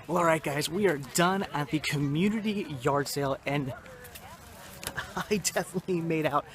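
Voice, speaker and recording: A young man with a voice on the high side vlogs at a moderate pace from a yard sale, against a noisy background. Enthusiastic and rambling, he frequently corrects himself and repeats "awesome" and "very cool."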